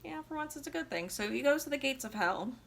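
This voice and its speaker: A woman's voice: high-pitched, animated, quick pace, gravelly, a bit bright. A tipsy woman vlogger retelling an opera plot in a chatty, slangy way with sarcastic asides. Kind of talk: casual comic retelling.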